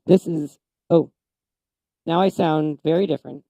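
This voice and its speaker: A man talking through a pitch-shift effect that makes him sound very different, thinking aloud with amusement. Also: fairly even intonation, a little slow, creaky, dark tone, no room sound, low-quality recording. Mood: amused. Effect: high pitch-shift voice filter.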